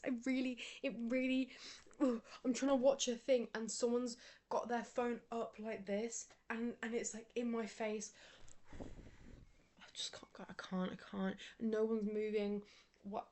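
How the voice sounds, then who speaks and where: A woman's voice: fairly high pitch, level tone, measured pace, mellow. A young woman, chatting casually in a rambling, sleepy way and often dropping into a whisper. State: sleepy, yawning. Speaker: vlogger. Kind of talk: casual chat.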